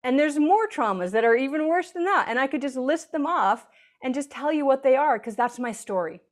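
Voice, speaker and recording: A woman's voice: sits high, lively intonation, brisk. A woman author as an interview guest, explaining earnestly and now and then acting out quoted voices. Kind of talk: conversational interview.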